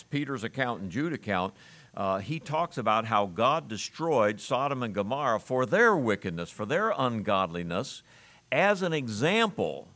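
A man's voice: on the low side, a bit bright. A middle-aged man preaching a sermon as pastor, reading scripture aloud in an earnest voice with emphatic rises.

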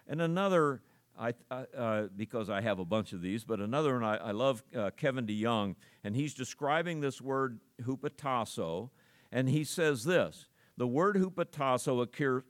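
A man's voice: medium pitch, animated, moderate pace, no room sound, studio quality. A man preaching an expository sermon, emphatic, with frequent fillers and restarts. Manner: emphatic, rises sharply on key words. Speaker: pastor.

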